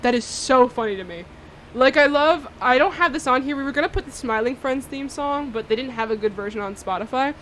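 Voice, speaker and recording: A woman's voice: sits high, a little fast, a bit bright, slight background noise. A young woman hosting a casual college radio show, chatty and bubbly, laughing often.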